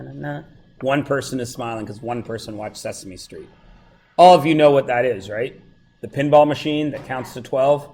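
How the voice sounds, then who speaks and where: A male math teacher with a voice that sits a little high, talking a class through a review in a loose, joking way. He wanders off on tangents, then pulls back to the answers, checking often that everyone follows. It is a plain classroom lesson. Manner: joking, digressive, keeps checking students follow.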